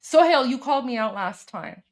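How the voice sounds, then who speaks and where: Woman host from Iran; high, heated, repetitive rant delivery. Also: lively intonation, brisk. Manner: impassioned, repetitive, insulting. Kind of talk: live-stream political rant.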